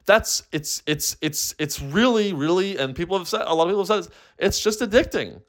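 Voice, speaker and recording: A man's voice: fairly high pitch, lively intonation, moderate pace, few pauses, a bit bright. A young man hosting a solo comedy podcast, who swears often and rambles with frequent false starts. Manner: profane, rambling, full of restarts.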